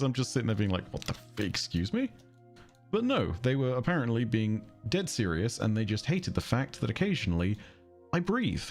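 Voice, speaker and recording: A man with a southern English accent streaming a game, chatting casually in a rambling way and breaking off to react to the game. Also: medium pitch. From England. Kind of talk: casual livestream chat while gaming.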